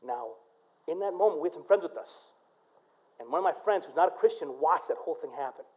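A male pastor from Michigan preaching a sermon, swinging between loud, punchy lines and quiet storytelling. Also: fairly high pitch, animated, a little fast, lo-fi sound.

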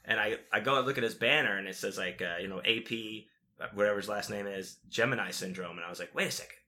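A man's voice: lowish voice, quick pace, pushed and bright. A man telling stories in casual chat, rambling and profane, with lots of fillers and restarts.

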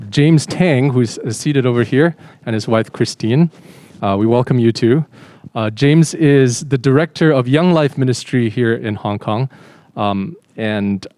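A man's voice: medium pitch, a little mellow, no echo, clean studio sound. A man hosting at church, introducing the guest speaker with many hesitant fillers. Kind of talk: announcement.

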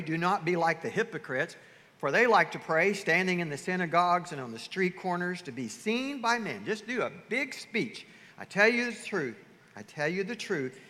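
Man, pastor, sermon, high bright voice, animated, hall reverb. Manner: animated preaching, acts out voices of churchgoers.

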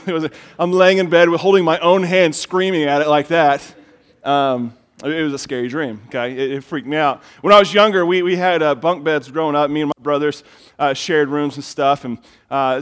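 Animated storytelling pastor, a man. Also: a little high. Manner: storytelling, animated, repeats words when excited. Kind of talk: sermon.

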